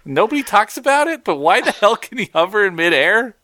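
A man's voice: sits high, brisk. A man co-hosting a podcast, bantering casually and laughing easily. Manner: animated, joking, laughs easily. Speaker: podcast co-host.

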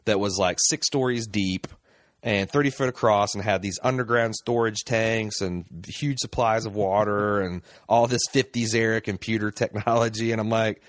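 Male podcast host, low voice, rambling and chuckly, dry close sound. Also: steady tone, normal speed, dry recording. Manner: rambling, chuckling, pompous senator parody. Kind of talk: casual chat.

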